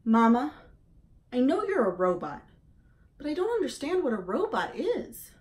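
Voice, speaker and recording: A woman's voice: sits high, sing-song, normal speed, a little mellow, pitched above the performer's own voice. A woman voicing an upset young male gosling who squawks his lines in a whiny, hurt way, reading a storybook aloud. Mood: pleading.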